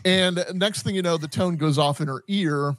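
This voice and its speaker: Stammering, animated podcast host man. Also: a little high, no room sound. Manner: animated, halting, lots of restarts and stammers. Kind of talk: casual chat.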